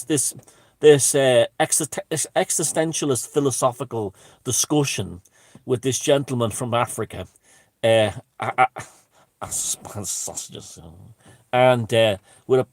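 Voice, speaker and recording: A man with a medium-pitched voice tells a loose, meandering story, stopping and restarting as he goes. He wanders into wry asides and pokes fun at himself. The sound is dry and close, with no room echo. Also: expressive, normal speed. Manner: rambling, many restarts and asides; wry and self-mocking. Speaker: channel host. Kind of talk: casual storytelling monologue.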